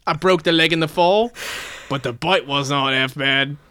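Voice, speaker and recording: A man's voice: a little high, moderate pace, smooth. A man doing Ian Malcolm in a shaky British accent. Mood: hammy. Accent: shaky put-on British. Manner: loud, theatrical read-aloud. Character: rough-spoken male mathematician recounting dinosaur attack.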